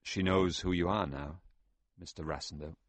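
Narrator voicing a deep-voiced, uneasy courtier, hesitant and awkward. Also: male voice, steady tone, normal speed, no room sound. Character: hurried, awkward male courtier.

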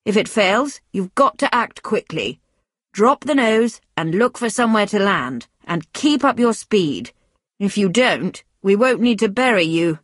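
A woman reading the lines of a calm, firm male flying instructor in a steady, measured way, in a storybook. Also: mid-range voice, breathy edge, no echo, clean studio sound. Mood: stern.

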